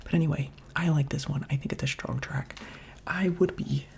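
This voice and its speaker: Mellow, gravelly whispering man. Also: fairly high pitch, steady tone, moderate pace, a little hiss or hum. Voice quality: soft, mostly unvoiced whisper. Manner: chatty, rambling and playful, with filler words. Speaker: gaming ASMR creator. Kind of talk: whispered ASMR gaming commentary.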